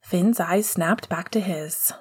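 A woman reading a fan fiction story aloud in steady, even narration. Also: fairly low pitch, takes it slowly, breathy edge. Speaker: audiobook reader.

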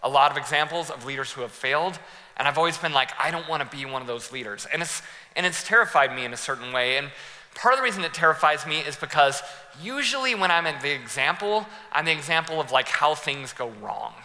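Animated preacher man in a reverberant hall. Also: fairly high pitch, fast talker. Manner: animated, laughing storyteller who acts out scenes. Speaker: pastor. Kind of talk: sermon with personal storytelling. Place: church hall.

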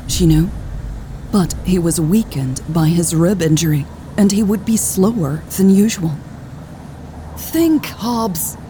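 A woman narrating an audiobook and hosting its podcast in a measured, even storytelling voice. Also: fairly low pitch, a little hiss or hum. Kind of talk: scripted narration.

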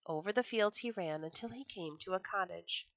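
Female storyteller, children's book reading, expressive, bright and dry. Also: mid-range voice, moderate pace, no echo.

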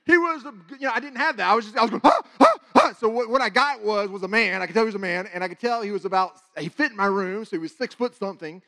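Man, somewhat high pitch, sermon testimony, animated, stumbling restarts, hushes at tense moments. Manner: animated, halting with many restarts, dropping to a hush at tense moments. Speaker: preacher.

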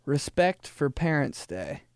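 A young man hosts a podcast and talks in a loose, comedic ramble. His gravelly voice swings widely in pitch and leaps up high whenever he acts out other people. The recording is close and dry. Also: slow, no echo. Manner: animated, jumps into high quoted voices, laughs often. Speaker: podcast host. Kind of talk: casual comedic monologue.

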